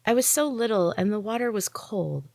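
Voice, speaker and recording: Woman reader as a gruff, weary young woman warrior, blunt and begrudging, in a dry storybook reading. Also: mid-range voice, lively intonation, normal speed, a little mellow, dry recording, pitched above the performer's own voice. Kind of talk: audiobook reading.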